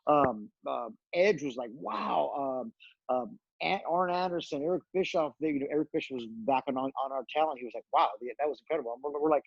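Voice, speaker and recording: A middle-aged man telling backstage stories in a slightly husky voice at an average pitch. He recounts them with lively energy, acting out the voices of the people he quotes. The recording is dry and a little dull, as if from a close podcast mic. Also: fast talker, no room sound. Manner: animated storyteller, acts out quoted voices, many fillers. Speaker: guest, retired pro wrestler. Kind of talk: casual storytelling interview.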